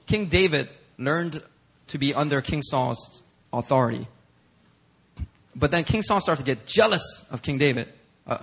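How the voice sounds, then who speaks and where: A man preaches in a church, speaking to the congregation in a conversational, animated way. His voice sits a little high and has a husky, breathy grain. He acts out the stories as he tells them. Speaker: pastor. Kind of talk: sermon. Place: church sanctuary.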